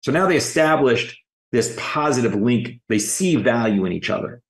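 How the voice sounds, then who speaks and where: An executive coach being interviewed on a podcast tells lively anecdotes, acting out the dialogue by re-enacting quotes. His mid-range voice moves at a normal speed.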